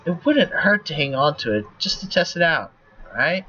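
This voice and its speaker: A man reads the text of a story game aloud during a casual livestream. His voice is bright and sits fairly high. He narrates evenly and breaks into laughter often between lines. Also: animated, normal speed, muffled recording, slight background noise. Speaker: streamer reading an interactive story game aloud.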